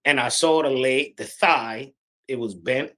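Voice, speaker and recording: A middle-aged man from Pennsylvania telling a true encounter story in a halting, breathless, vivid way. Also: medium pitch, fairly bright tone. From Pennsylvania, USA. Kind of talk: animated personal storytelling.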